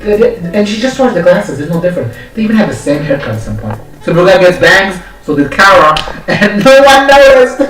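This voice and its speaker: A man's voice: high voice, lively intonation, a little fast, a bit bright, roomy sound, far from the mic, soft background music, low-quality recording. A man ranting casually in a vlog, sassy and profane, often acting out characters' lines. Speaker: vlogger. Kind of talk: casual rant.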